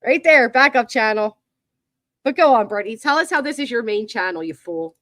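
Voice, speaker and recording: This host's voice sits on the high side, a bit bright and animated, moving a little fast. Livestreaming commentary from her computer, she mocks and sounds exasperated with her viewers and chat. Her computer mic delivers clean studio sound with no echo.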